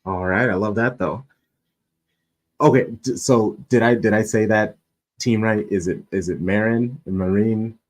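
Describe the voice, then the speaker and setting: A man's voice: on the low side, a little slow. A man hosting a casual live-stream sports chat, playful and joking, laughing often. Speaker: podcast host.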